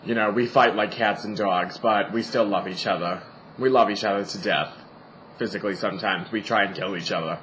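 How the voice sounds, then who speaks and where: A man's voice: fairly low pitch, fairly even intonation, brisk, a bit bright, muffled recording, slight background noise. A young man in drag, vlogging from a family home indoors, chatting in a campy, sassy, profane and joking way. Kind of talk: campy casual vlog monologue.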